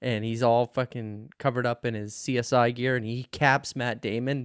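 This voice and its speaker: A man co-hosting a podcast, chatting casually in a loose, profane, animated way. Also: medium pitch, moderate pace, clear, resonant tone, no room sound, studio quality. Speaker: podcast co-host. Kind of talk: casual chat.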